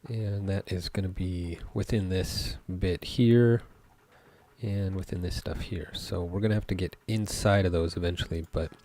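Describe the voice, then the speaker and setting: A game developer talks through his code in a deep, mellow voice. He goes slowly, thinking aloud with stops and fillers, while faint keyboard typing runs behind him. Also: fairly even intonation, a little hiss or hum. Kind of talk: live coding commentary.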